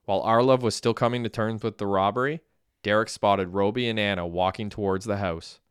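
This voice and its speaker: Smooth low-voiced male audiobook narrator. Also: fairly even intonation, a little fast, no room sound, studio quality. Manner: plain, matter-of-fact reading. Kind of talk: scripted narration.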